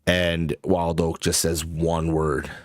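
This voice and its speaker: A man narrating a tabletop game as game master, halting and searching for words with many fillers. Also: low voice, level tone, no echo, studio quality.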